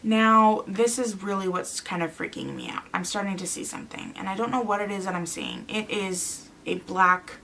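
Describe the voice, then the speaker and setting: A young adult woman telling a story to camera in a casual vlog, anxious and quick to quote her own reactions. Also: medium pitch, vocal fry, pushed and bright, a little hiss or hum. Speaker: vlogger.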